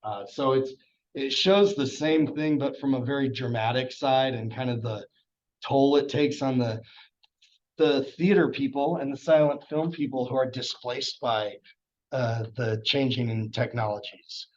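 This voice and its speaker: A man's voice: medium pitch, a little slow, darkish tone. Chatty male history teacher. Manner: chatty, rambling, enthusiastic. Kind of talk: casual classroom lecture. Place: classroom. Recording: dull lo-fi classroom recording.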